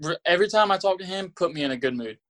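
A man's voice: sits high, expressive, racing, fairly bright tone. Laid-back young man, casual chat. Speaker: podcast guest.

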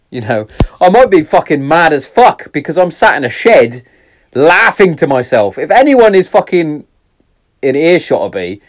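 A middle-aged man hosting a casual solo podcast from his shed, swearing often, going off on tangents, swinging between loud laughing outbursts and quiet reflection. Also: medium pitch. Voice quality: heavy swearing, rambling and tangent-prone. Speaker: podcast host. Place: garden shed.

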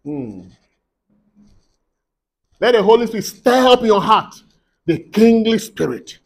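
Male preacher, high voice, fervent sermon delivery, builds to loud declarations. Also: sing-song, slow pace. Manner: fervent, swings from quiet teaching to loud declarations.

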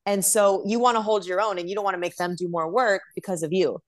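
A young adult woman, a professional dancer, telling stories in an animated, chatty way as an interview guest. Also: mid-range voice, fast. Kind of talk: casual interview chat.

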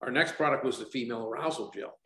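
A man in his sixties, a company founder chatting in an interview, telling stories lively and acting out the voices of people he quotes. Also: medium pitch, quick pace, echoey room, poor audio. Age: 60s. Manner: animated storyteller, acts out quoted dialogue. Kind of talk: casual interview talk.

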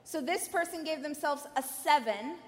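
High-pitched lady giving a keynote in a big echoey hall, lively, keeps asking the crowd stuff. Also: moderate pace. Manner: lively, coaching the audience with direct questions. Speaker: keynote speaker. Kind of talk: energetic conference keynote. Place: large conference hall. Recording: reverberant hall.

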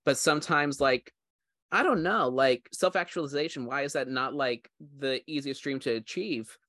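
A man's voice: mid-range voice, normal speed, bright, forceful tone, no echo, studio quality. A man co-hosting a podcast, chatting casually in a rambling, heartfelt way with many fillers. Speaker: podcast co-host. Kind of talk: casual chat.

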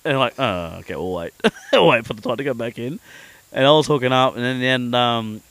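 An Australian man tells a rowdy story as a podcast guest, his pitch swinging up and down as he talks. He swears freely and keeps the yarn rolling. His voice is close and dry, with no room sound. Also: quick pace, no room sound. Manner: swears constantly, animated storyteller. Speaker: podcast guest, pro angler. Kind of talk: casual storytelling.

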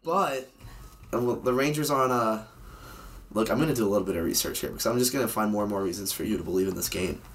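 A young man co-hosting a podcast, chatting about hockey in a teasing, sarcastic, rapid-fire way. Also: fairly low pitch. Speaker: podcast co-host. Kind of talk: casual sports banter.

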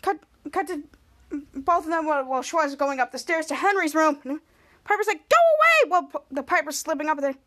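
High-voiced woman recapping a TV episode. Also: a bit bright. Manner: halting, repeating words as she retells scenes. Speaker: podcast host.

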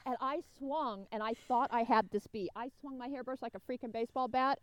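Female co-host, animated exasperated storyteller with a fairly high voice. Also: fairly quick, few pauses, dry recording. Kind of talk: casual chat.

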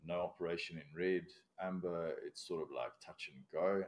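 Deep-voiced man with a non-native accent. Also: moderate pace. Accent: non-native English accent. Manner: explains step by step, blunt, swears casually. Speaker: commercial diver, guest. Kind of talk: casual podcast interview.

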